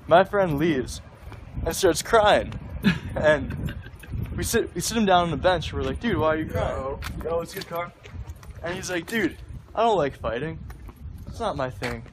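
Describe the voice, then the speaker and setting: A young man casually telling a story outdoors, relaxed and easygoing. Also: fairly high pitch, unhurried, long pauses, background noise. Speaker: interviewee.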